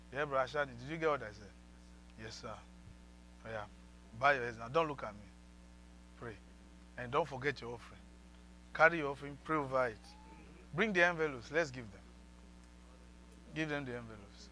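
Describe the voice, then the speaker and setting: A man's voice: medium pitch, expressive, fairly quick, long pauses, pushed and bright, a little hiss or hum, low-quality recording. A man preaching a sermon as pastor, leading the congregation in repeated prayer lines.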